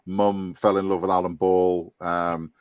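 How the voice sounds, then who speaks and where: A man's voice: low-pitched, little pitch movement, unhurried, smooth, no echo. Earnest Scouse man in his fifties. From Liverpool and North Wales. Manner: earnest, rambling, with frequent restarts and ums. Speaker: podcast guest, fan board applicant. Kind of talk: casual podcast chat.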